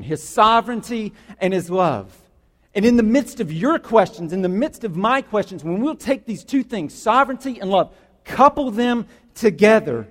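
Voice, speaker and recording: A man's voice: sits high, fairly bright tone, long reverb tail. A man preaching a sermon as pastor, passionate and conversational, driving points home with emphatic repetition.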